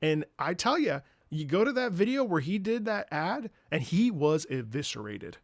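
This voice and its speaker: A man's voice: a little high, big pitch swings, normal speed, no echo, clean studio sound. A man chatting casually on his stream, rambling, repeating words and swearing.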